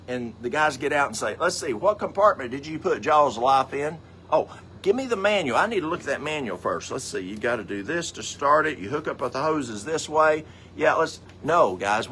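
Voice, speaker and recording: A man's voice: mid-range voice, fairly bright tone, slight background noise. A middle-aged man, teaching a health program in a folksy, rambling way, full of asides and acted-out stories. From American South. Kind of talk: casual teaching talk.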